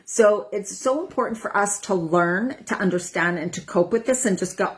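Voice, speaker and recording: A chatty woman over forty talks as a wellness coach, speaking straight to her viewers at a middle pitch. She drifts between easy explanation and quick acted-out inner voices, letting out breathy sighs as she goes. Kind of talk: casual talk to camera.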